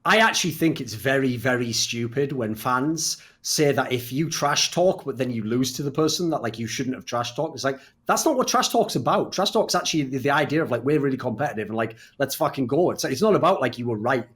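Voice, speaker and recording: A man's voice: medium pitch, expressive, fairly quick, few pauses, a bit bright. A man hosting a casual esports podcast, talking emphatically and bluntly, swearing freely as he argues his point. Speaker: podcast host.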